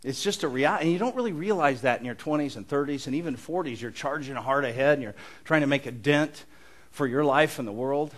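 A man's voice: mid-range voice, fast talker. A middle-aged man preaching a sermon in an earnest, conversational way with touches of humor. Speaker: pastor.

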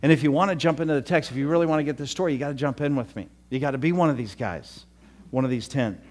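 A man's voice: medium pitch, fast talker, darkish tone. An older male pastor preaching a conversational sermon with folksy asides and frequent restarts.

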